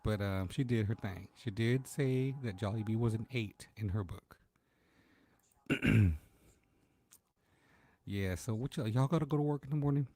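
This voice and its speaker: A man hosts a casual late-night livestream from home and chats easily with his viewers, calling out their names. His voice sits a little low and sounds mellow and relaxed. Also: a little slow, pauses often, no echo. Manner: laid-back, chatty, greets viewers by name. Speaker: livestream host.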